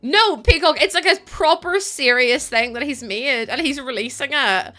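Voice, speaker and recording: A woman's voice: high voice, normal speed, sharp tone, faint music behind. A young woman streaming a game, chatting casually with her chat, thanking viewers and laughing often.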